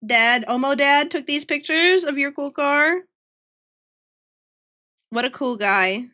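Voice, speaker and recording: Young female streamer, casual chat over art. Bright, unhurried delivery, playful. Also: high voice. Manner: playful and giggly, chatting to viewers. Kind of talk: casual livestream chat while drawing.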